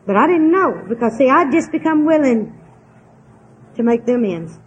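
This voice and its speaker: A woman's voice: sits high, big pitch swings, normal speed, husky, highs cut off. An older woman, candidly telling a personal recovery story in a homespun, frank way. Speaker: twelve-step speaker.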